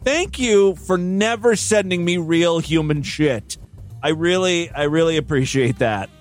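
A man's voice: a little high, a little slow, soft background music. A man hosting a podcast, giving crude, irreverent commentary on clips. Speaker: podcast host.

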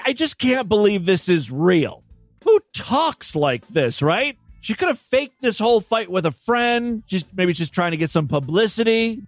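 A man's voice: sits high, no echo. Sarcastic man commenting on a clip. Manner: incredulous, sarcastic. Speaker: commentary host. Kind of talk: reaction commentary.

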